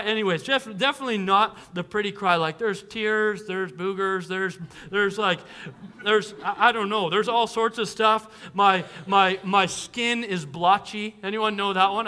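A young man preaching a sermon in a high, ringing voice. He tells his story earnestly, often restarting a phrase, and builds up to excited peaks. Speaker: pastor.

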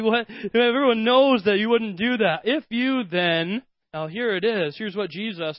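A young man preaches in a high voice, talking to his congregation like he's chatting with friends and acting out little scenes along the way. The recording is dry, with a slightly dull, muffled tone. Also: no echo. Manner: animated, conversational, acts out scenes with voices. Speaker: pastor. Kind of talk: sermon.

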